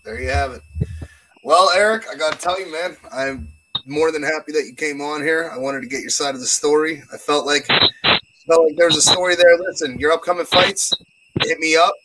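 A man hosting a podcast, wrapping up an interview in a relaxed, easygoing way. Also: a little high, fairly quick, background noise. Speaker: podcast host.

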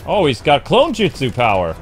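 A man's voice: a little high, huge pitch swings, moderate pace. A man commenting on his own gameplay with wry, joking asides. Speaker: gaming commentator. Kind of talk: let's-play commentary. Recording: faint game music behind.

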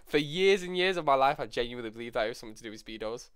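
A man's voice: medium pitch, lively intonation, rapid-fire, fairly bright tone, clean tone. A young man with a lisp, teasing his partner in casual gaming banter. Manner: teasing, joking, coughs often. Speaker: streamer.

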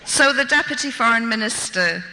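A woman's voice: a little high, animated, moderate pace, noisy background. A woman telling a story of her own experience to an audience with wry, dry gallows humour. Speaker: speaker recounting her captivity. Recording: long hall reverb.

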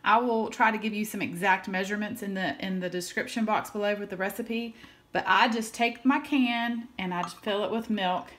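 A woman's voice: medium pitch, normal speed, fairly bright tone. A woman hosting her own cooking channel, talking viewers through a recipe step by step in a chatty, upbeat way with the odd filler. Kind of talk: home cooking demonstration.

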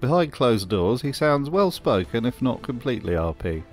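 A man's voice: medium pitch, very animated, normal speed, faint music behind. A man hosting comedic review commentary with a sardonic, mocking manner. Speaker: host.

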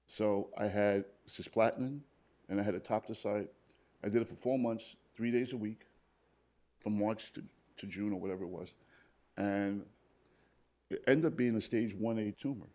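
A plainspoken man, a paramedic, recounts his own story to a live audience at a hospital event. His voice sits a little low, and he keeps slipping into quoted dialogue as he retells what people told him. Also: normal speed, pauses often, a little mellow. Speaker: paramedic and cancer survivor on a panel.

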